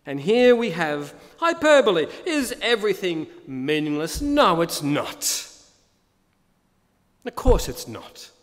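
Emphatic, lively-voiced male preacher. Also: high-pitched, slow. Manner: emphatic, repeats key phrases, asks rhetorical questions. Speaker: pastor. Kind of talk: sermon. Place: church. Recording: long reverb of a church hall.

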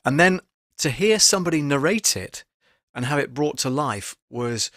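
A man, a voice actor hosting a live stream and talking his viewers through his work in a chatty, animated way full of fillers. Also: on the high side, moderate pace, no echo, studio quality. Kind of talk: casual live-stream teaching talk. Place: home studio booth. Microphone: studio microphone at close range.

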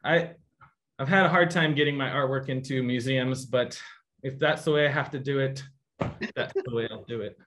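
Medium in pitch and moderate in pace, a male guest artist recounts a story while giving a painting demo for an online audience. He's an animated teller who voices the quoted lines himself, keeping it casual.

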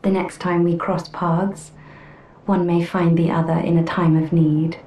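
A woman's voice: on the low side, little pitch movement, unhurried, dark tone, reverberant, slight background noise, close to an everyday voice. An actress voicing a solemn, earnest female knight-wanderer in a game, speaking formally and measuredly. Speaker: game character.

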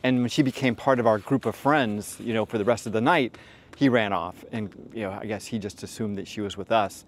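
A man's voice: on the low side, steady tone, a little fast, slight background noise. A middle-aged man giving dating advice as a host, telling stories in a casual, rambling way with frank, profane asides and many fillers. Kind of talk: casual storytelling monologue.

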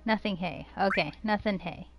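A woman's voice: medium pitch, moderate pace, gravelly, muffled recording. A woman giving casual, giggly commentary while playing a game, talking to herself. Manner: giggly, chatty, talks to herself. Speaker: game streamer. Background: game music.

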